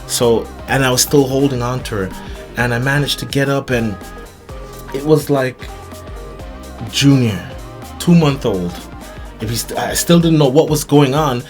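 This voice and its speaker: Man haltingly retelling a frightening story. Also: mid-range voice, a little mellow, faint music behind. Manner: halting, with frequent restarts and repeated words; earnest, emphatic retelling. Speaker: vlogger. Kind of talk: personal storytelling to camera.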